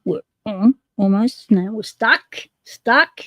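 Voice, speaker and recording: A woman of ordinary pitch hosts a relaxed live stream, thinking aloud as she fiddles with small parts. Her talk is chatty and conversational, answering viewers as she goes. The sound is dry and close, with little room echo. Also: a little slow, soft background music. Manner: chatty, narrating while tinkering, reading chat aloud. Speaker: livestream host. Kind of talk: casual live stream chat.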